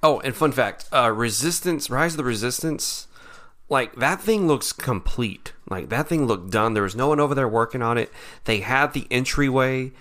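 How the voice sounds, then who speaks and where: A man co-hosting a casual chat, telling stories in an animated way and acting out the people in them. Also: medium pitch, moderate pace. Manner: animated storyteller, acts out quoted people. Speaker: podcast co-host.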